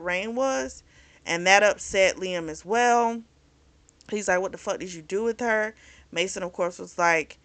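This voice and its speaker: Woman, book review host, candid chatty recap, bright voice. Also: lowish voice. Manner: candid and chatty, recounting the plot with frank opinions.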